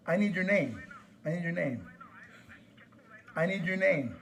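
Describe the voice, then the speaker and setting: A man's voice: high voice, expressive, moderate pace, roomy sound. A man on a phone call with a store, complaining as a customer, aggressive, repeating his demands and swearing a lot. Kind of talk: heated phone argument.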